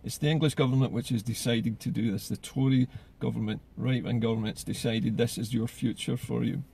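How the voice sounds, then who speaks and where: A man's voice: medium pitch, fairly even intonation, fairly quick, gravelly, warm tone, slightly rough. A man giving solo political commentary in an earnest way, often repeating words as he gathers his thoughts.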